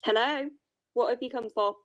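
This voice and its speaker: A woman's voice: on the high side, moderate pace, muffled recording. A woman hosting casual livestream commentary, blunt and confrontational, swearing freely. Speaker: livestream host.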